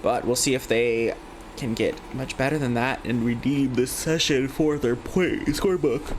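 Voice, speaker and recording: A man casting a live online game tournament, giving chatty, excitable play-by-play and thinking aloud with questions. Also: mid-range voice, unhurried, a little hiss or hum. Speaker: esports caster.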